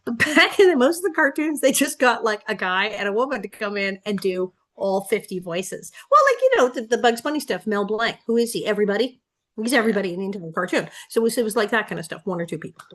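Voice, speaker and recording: A woman in her sixties, a guest on a podcast, telling stories in a lively casual way and laughing often. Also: mid-range voice, fast talker. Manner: animated storyteller, laughing often. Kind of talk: casual interview storytelling.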